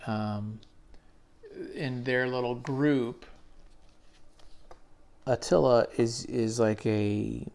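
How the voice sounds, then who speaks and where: A man's voice: mid-range voice, vocal fry, darkish tone, clear, resonant tone. A man enthusiastically retelling a comic book story in casual, slangy commentary with frequent swearing. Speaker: comics reviewer.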